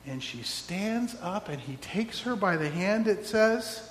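A man's voice: sits high, expressive, takes it slowly, few pauses, a bit bright. A man preaching a sermon, telling a story and acting out the voices in it, with wry asides. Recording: roomy hall with long echo, faint hum.

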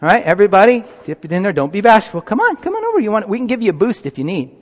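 In a church sanctuary, a pastor gives a children's sermon and coaxes the congregation into a group activity, his high voice sing-song and racing. The sound is muffled and reverberant.

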